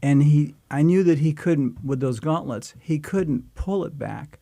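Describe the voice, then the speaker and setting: A man's voice: on the high side, a little slow, mellow, no room sound. An older man, a guest actor, telling a rambling, folksy story in casual conversation.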